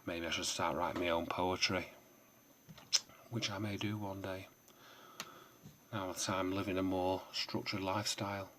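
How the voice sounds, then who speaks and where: A man with a somewhat low voice chats casually to camera about his sales. He rambles and drifts onto tangents. His talk is peppered with hesitant fillers and self-deprecating remarks. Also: little pitch movement, normal speed, pauses often, background noise. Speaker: online seller and vlogger.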